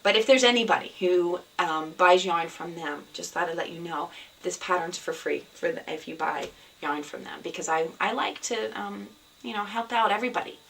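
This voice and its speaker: A woman's voice: fairly low pitch, moderate pace, vocal fry, a bit bright, far from the mic, poor audio. Chatty woman heard from across a room. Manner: chatty, rambling, with many fillers and restarts. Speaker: knitting podcast host. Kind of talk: casual chat to camera. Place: at home, indoors.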